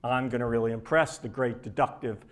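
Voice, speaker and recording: A man's voice: mid-range voice, steady tone, fairly quick, pitched below the performer's own voice, lightly acted. A man telling a joke as a pompous show-off sidekick. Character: eager, self-important male sidekick showing off.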